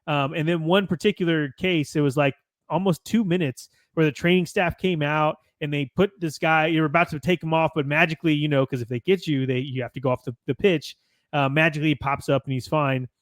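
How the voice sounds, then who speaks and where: An American man hosts a podcast and runs through match results from his notes. He talks in a chatty way and often corrects himself, in a slightly high voice. The mic is close and dry. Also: fairly even intonation, brisk, no echo. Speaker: podcast host. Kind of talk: reading a match recap with casual asides.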